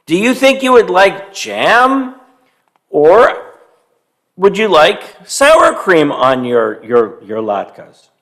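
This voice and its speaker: A man's voice: high voice, big pitch swings, drawn-out words, a bit bright, full character voice. A man voicing a kindly old woman who can barely see or hear, fussing over a guest like an eager hostess in a children's story. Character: kindly old woman, half-blind and hard of hearing.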